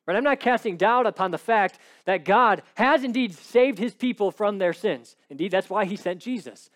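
A man's voice: high voice, moderate pace, fairly bright tone. A male pastor preaching a sermon, emphatic, with rhetorical questions and repeated phrases. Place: church service.

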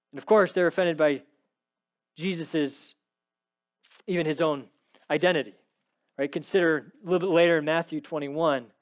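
Guy preaching a sermon, fervent and emphatic, gets loud then drops quiet, lots of "right?" asides. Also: high-pitched. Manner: fervent, emphatic, swings between loud exhortation and hushed lines; conversational asides, repeats phrases. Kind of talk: expository sermon.

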